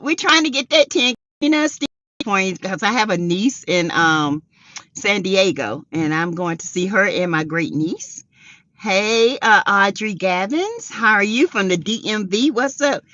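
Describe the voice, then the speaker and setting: A middle-aged woman hosting a casual livestream chat, greeting viewers by name and breaking into high excited exclamations. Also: a little slow, no room sound, lo-fi sound. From South Carolina. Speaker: livestream host.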